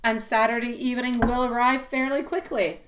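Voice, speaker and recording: A woman hosting a live tarot reading, talking casually and warmly to viewers and calling them sweetie pie, with many fillers and frequent laughs. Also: fairly high pitch, fairly even intonation, moderate pace, background noise. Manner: chatty and affectionate, calls viewers sweetie pie; laughs often, loose rambling talk with fillers.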